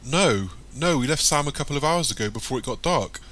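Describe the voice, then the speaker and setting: A man's voice: mid-range voice, lively intonation, fairly quick, fairly bright tone, pitched above the performer's own voice, lightly acted. A man voicing a panicked young man, speaking with anxious, breathless urgency.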